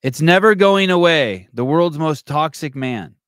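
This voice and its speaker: A man's voice: a little high, lively intonation, measured pace, fairly bright tone, no echo. A man hosting a podcast in casual chat, rambling and swearing often, with many restarts. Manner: rambling and profane, with frequent restarts. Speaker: podcast host.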